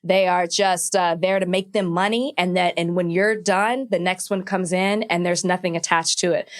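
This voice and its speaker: A woman from Dallas, co-hosting a podcast in casual chat, teasing and laughing often. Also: fairly low pitch. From Dallas, Texas. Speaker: podcast co-host.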